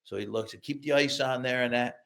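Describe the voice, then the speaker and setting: An older man from upstate New York, an author telling lively childhood anecdotes in a podcast interview. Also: mid-range voice, a little fast, vocal fry. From upstate New York, USA. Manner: lively anecdotes, acts out quoted voices, laughs through punchlines. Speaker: author and guest.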